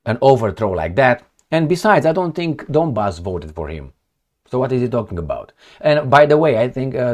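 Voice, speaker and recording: A man commenting on the news in a casual, mocking rant, swinging from loud emphatic bursts to low muttered asides. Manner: sarcastic and mocking, with scornful laughs. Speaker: political commentary vlogger. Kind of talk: casual rant over a map and articles.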